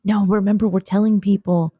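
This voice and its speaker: A woman's voice: mid-range voice, fairly even intonation, a little fast, husky, no echo, dull audio. A woman co-hosting a comedy podcast, chatting in a rambling, playful, scattered way. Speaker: podcast co-host. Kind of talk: casual comedic chat.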